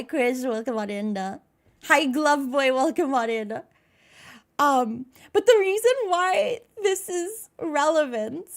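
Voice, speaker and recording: Chatty high-voiced young woman streamer. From United States. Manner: chatty, greets viewers by name, giggly and self-mocking. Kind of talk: casual live-stream chat.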